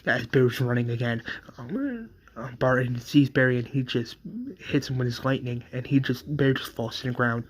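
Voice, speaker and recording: A man casually retelling a fan story, rambling, repetitive and halting. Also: medium pitch.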